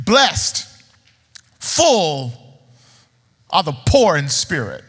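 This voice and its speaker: A man preaching a sermon in a church, animated, repeating words as he builds up and throwing questions at the audience. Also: on the high side, drawn-out words, slightly rough, long reverb tail. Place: church sanctuary.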